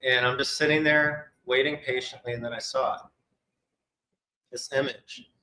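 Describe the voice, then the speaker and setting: A man with a bright, forward voice tells an animated personal story to a live audience and slips into the voices of the people he quotes. He sounds like he is in a roomy hall with clear echo. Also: medium pitch, moderate pace. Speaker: psychic medium speaker. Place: expo hall.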